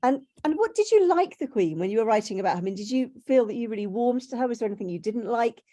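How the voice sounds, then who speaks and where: Woman host, quick and eager, piles up questions, mellow voice, on a video call. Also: a little high, animated, dry recording, studio quality. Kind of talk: interviewing.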